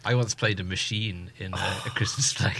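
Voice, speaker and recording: A man's voice: lowish voice, normal speed, bright, forceful tone, slightly rough. A British man, a radio co-host, chatting casually about books and school. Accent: British English. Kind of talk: casual chat.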